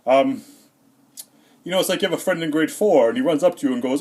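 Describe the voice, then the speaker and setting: A man doing a rambling, deadpan comedic monologue in character as Santa, hesitant and full of fillers, a little out of breath. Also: on the high side, quick pace, long pauses. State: slightly out of breath.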